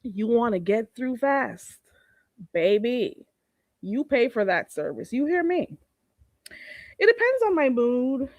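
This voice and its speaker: A woman hosting a casual livestream, animated, laughing often and greeting chatters on a close mic. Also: on the high side, takes it slowly, long pauses, dry recording, dull audio. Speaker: livestream host.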